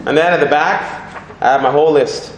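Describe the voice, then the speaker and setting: A man preaching a lively sermon in a church, animated, breaking into sung lines and laughter, asking the congregation questions. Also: a little high, brisk, slight background noise. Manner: animated, sings snatches, laughs, asks the crowd questions. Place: church hall. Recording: echoey church with congregation responding.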